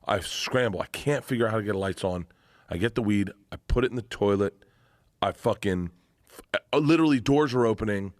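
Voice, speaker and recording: A man, a comedian guest, telling a rambling, animated comic anecdote with plenty of swearing, played from a podcast clip. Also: on the low side, brisk, no room sound, clean studio sound. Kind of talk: comic storytelling.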